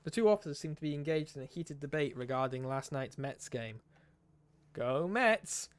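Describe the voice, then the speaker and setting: A man's voice: medium pitch, fast, clear, resonant tone. Man reading a game story aloud. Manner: expressive narration with wry asides. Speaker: streamer.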